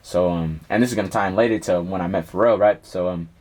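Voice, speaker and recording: A man's voice: deep voice, fast. A young man, a rapper, telling a personal story in a casual interview, full of slang and swearing. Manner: slangy, profane, animated storytelling. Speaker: rapper guest.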